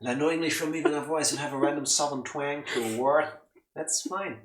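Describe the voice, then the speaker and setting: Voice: medium pitch, a little fast, roomy sound. A host teasing a co-player and joking through casual let's play banter.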